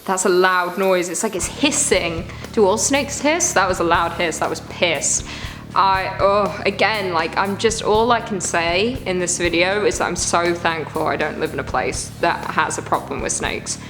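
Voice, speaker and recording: A woman's voice: on the low side, moderate pace, over music. A woman hosting a reaction video in casual commentary, squeamish and groaning in disgust.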